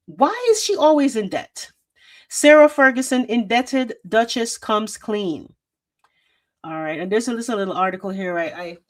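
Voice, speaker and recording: A woman hosting a livestream, chatting straight to her viewers and reading news articles aloud, with plenty of fillers, into a desk microphone. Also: mid-range voice. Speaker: show host. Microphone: desk microphone with a loose cable.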